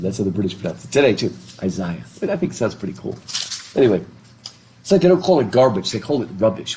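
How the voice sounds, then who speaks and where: A middle-aged American man lecturing in a classroom, animated, reading passages aloud and joking with his students. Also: mid-range voice, slight background noise. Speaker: literature professor.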